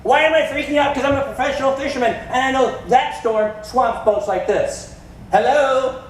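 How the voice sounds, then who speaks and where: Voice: high voice, normal speed, a little hiss or hum, voice pushed up, natural voice. A preacher acting out a panicked male fisherman disciple during a sermon, exasperated and calling out over a storm. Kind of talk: sermon storytelling. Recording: echoey church hall, far from mic.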